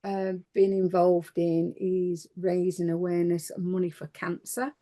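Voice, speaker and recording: A woman's voice: fairly low pitch, little pitch movement, measured pace, mellow. A woman on a podcast panel, speaking in a wry, matter-of-fact way in casual chat.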